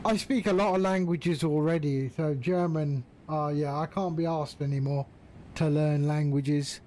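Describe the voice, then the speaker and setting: A man's voice: on the high side, fairly even intonation, measured pace, mellow, slight background noise, poor audio. A man chatting casually on a live stream, greeting viewers by name while he flies. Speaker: flight-sim streamer.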